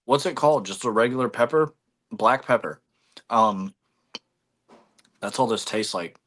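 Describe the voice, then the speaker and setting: A man's voice: medium pitch, unhurried, a bit bright. A man hosting a casual livestream, rambling with many fillers and eating while he talks. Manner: chewing food while talking. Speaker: livestream host.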